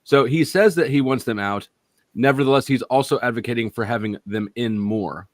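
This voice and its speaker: A man's voice: mid-range voice, moderate pace, no room sound. A man on an online panel who argues methodically and lawyerly, with some teasing. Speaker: panel guest. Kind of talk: heated debate.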